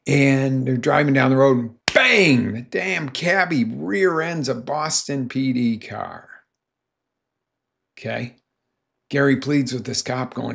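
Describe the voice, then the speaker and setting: Male life coach, heavy vocal fry, mid-range pitch, emphatic storytelling delivery. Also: takes it slowly, a bit bright. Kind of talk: motivational talk with storytelling.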